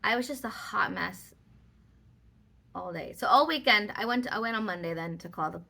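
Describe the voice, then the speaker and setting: A woman's voice: medium pitch, expressive, normal speed, gravelly, sharp tone. A woman vlogger telling a personal story in casual, rambling talk with many fillers.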